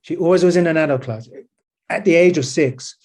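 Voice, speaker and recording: Earnest man with a slightly high voice. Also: fairly quick, a little mellow. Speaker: podcast guest, movement teacher. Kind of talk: casual conversation.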